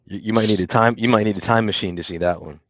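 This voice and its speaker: Low-voiced man on a dry, dull mic. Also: fast, fairly bright tone, no echo. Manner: thoughtful, hedging storyteller. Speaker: podcast co-host. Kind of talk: casual chat.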